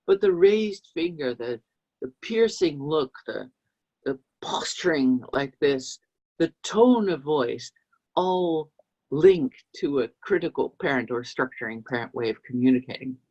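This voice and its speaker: A woman who is a business coach and trainer, explaining a concept to camera and acting out short example voices in a lively way. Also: a bass voice, a little slow, slightly rough, highs cut off. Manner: acts out example voices with a lively, expressive delivery.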